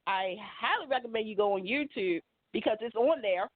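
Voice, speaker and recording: A woman's voice: a little high, expressive, a little fast, dry recording. Chatty woman on a tinny phone line. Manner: chatty, rambling, enthusiastic. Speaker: podcast panelist. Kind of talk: casual chat.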